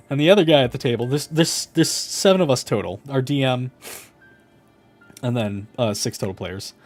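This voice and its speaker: A young adult man chatting casually while building a model kit, animated and laughing through his story. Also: mid-range voice, moderate pace, pauses often, faint music behind.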